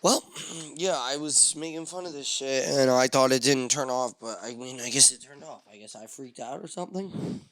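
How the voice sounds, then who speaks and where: A man hosting a solo podcast, rambling and swearing through self-mocking rants with sudden loud outbursts into a studio mic. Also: mid-range voice, moderate pace. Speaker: podcast host.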